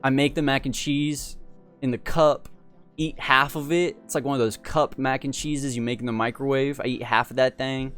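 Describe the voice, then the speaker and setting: A man telling a personal story in a casual, animated way, full of slang. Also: medium pitch, normal speed, soft background music. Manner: slangy, animated and laid-back. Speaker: storyteller host.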